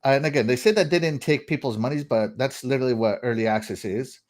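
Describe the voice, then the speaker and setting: A man's voice: medium pitch, quick pace. A man hosting a casual gaming news show, joking, laughing often and reading out viewer comments. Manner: animated, laughs often, reads chat shout-outs. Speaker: podcast host. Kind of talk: casual chat.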